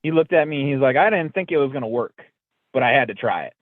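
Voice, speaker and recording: A man's voice: medium pitch, quick pace, no room sound. A man, a podcast guest, telling a story in a casual way and acting out the lines he quotes. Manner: lively retelling that acts out quoted lines. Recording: dry, tinny phone-like line.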